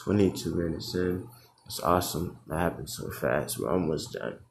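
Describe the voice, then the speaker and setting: Drunk rambling man with a deep voice. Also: moderate pace, roomy sound, slight background noise. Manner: rambling, profane, laughs often, says he is drunk. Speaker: podcast host. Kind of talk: casual solo podcast rambling.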